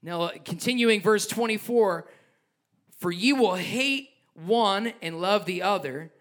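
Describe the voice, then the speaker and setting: Pastor preaching, higher voice, bright and sharp, gets passionate and jokey. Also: male voice, measured pace. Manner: passionate, joking asides, reads scripture aloud. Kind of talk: sermon.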